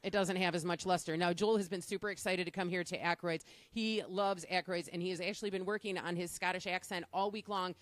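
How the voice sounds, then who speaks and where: A woman's voice: lowish voice, steady tone, brisk, hardly any pauses. Cheery lady radio host doing a live remote at a bakery, ribbing her cohost. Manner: upbeat, teasing. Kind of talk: live on-location radio segment.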